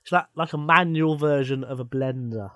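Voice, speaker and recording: A man's voice: mid-range voice, normal speed, crowd noise. A man co-hosting a comedy podcast, chatting playfully and laughing often. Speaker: podcast co-host. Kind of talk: casual comedic chat.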